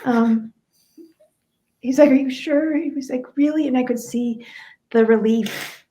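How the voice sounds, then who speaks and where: A woman's voice: high voice, measured pace, dark tone. A woman guest in an interview, candidly and reflectively telling her family story.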